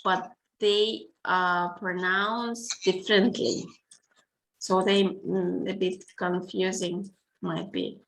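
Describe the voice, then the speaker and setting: Slow, patient Russian-accented woman teacher. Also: medium pitch, bright, forceful tone, slight background noise, low-quality recording. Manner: slow, patient, hesitant with many fillers. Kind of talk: online language lesson. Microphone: video call.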